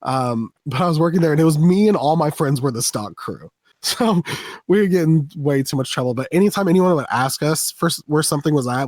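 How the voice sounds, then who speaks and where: A man's voice: on the high side, lively intonation, fairly quick, darkish tone, dry recording. Joking, rambling man on a podcast. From US East Coast. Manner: joking, rambling, laughs often. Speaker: podcast co-host. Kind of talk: casual chat.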